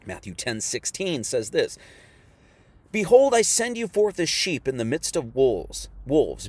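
Rambling preacher man, slightly high voice. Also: darkish tone. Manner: rambling, repeats himself, reads scripture aloud. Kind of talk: online sermon lesson.

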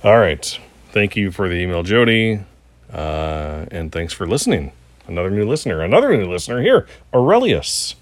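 A man with a very low voice, co-hosting a casual podcast and reading listener emails aloud. He talks in halting bursts, full of fillers and self-corrections. The sound is dry, with no room echo. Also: sing-song. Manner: hesitant, many fillers and restarts. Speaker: podcast co-host.

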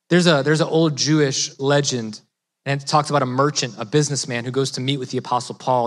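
A man preaching a sermon in a slightly higher voice, talking to the room conversationally and climbing into emphatic peaks. The sound carries a long hall reverb. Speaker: pastor.

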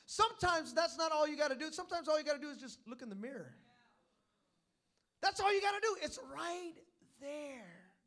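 High bright-voiced preaching man. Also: expressive, quick pace, long pauses. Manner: storytelling preacher, calls for amens, builds to shouting climaxes. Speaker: pastor. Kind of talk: sermon. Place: church.

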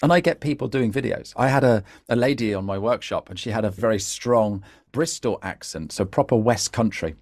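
Animated man guest, dry close sound. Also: fairly low pitch, a little fast, hardly any pauses, no room sound. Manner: animated, lively, stumbling restarts. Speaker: podcast guest, LinkedIn trainer. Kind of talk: casual conversational interview.

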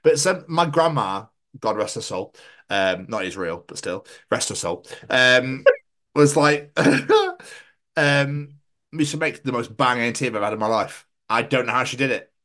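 A man's voice: medium pitch, big pitch swings, a little slow, sharp tone. A young man from England co-hosting a podcast in casual, sweary, rambling chat, often laughing and slipping into mock voices. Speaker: podcast co-host.

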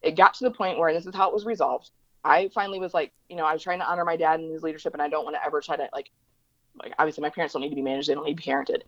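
Fast-talking, emphatic woman interview guest. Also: low voice, fairly even intonation, no room sound, highs cut off. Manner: fast, emphatic, acts out quoted voices. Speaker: interview guest, diversity educator. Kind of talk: conversational interview storytelling.

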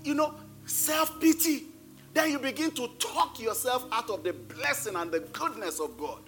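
A high, bright male voice preaching in church, forceful and emphatic, hammering home his points by repeating them. He sounds middle-aged, with soft music underneath. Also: animated, moderate pace. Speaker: pastor. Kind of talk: sermon.

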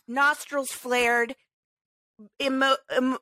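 Brief: high-pitched woman podcast host, exasperated, animated ranting, close dry mic. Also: unhurried, no echo. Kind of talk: casual chat.

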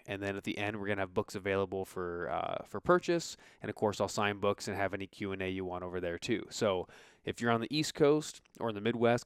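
A man's voice: lowish voice, clean tone, no room sound. A man hosting a podcast, talking casually and upbeat, rambling with fillers into a close mic. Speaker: podcast host.

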